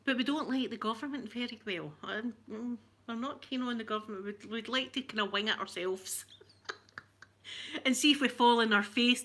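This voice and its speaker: A woman's voice: a little high, sharp tone. A middle-aged Scottish woman hosting a casual livestream, rambling chattily, laughing often and greeting viewers by name. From Scotland. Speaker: livestream host. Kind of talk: casual live-chat rant.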